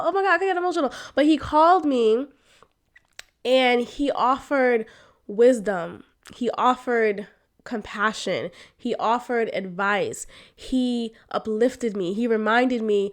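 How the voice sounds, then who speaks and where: A young woman hosting a podcast, telling a personal story in a candid, expressive way, laughing often and talking straight to her listeners. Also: high-pitched. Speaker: podcast host.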